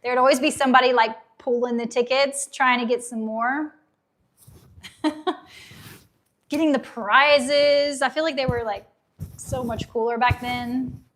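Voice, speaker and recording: A woman's voice: sits high, fairly even intonation, unhurried, long pauses, fairly bright tone. Chatty Southern woman on a livestream. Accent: light Southern US. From Tennessee, USA. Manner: chatty, upbeat, laughs easily, reads viewer comments aloud. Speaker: livestream host. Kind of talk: casual livestream chat.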